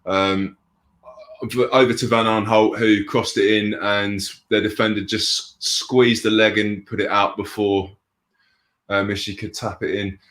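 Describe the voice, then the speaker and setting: A man breaking down a football match in casual analysis on a fan watch-along, relaxed with lots of ums. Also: lowish voice, a little slow, roomy sound.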